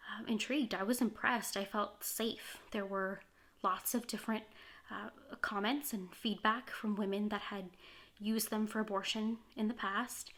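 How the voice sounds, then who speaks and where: A woman's voice: medium pitch, a bit bright. Earnest woman telling her own story. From California, USA. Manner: candid, heartfelt storytelling with occasional fillers. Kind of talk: earnest first-person testimony to camera.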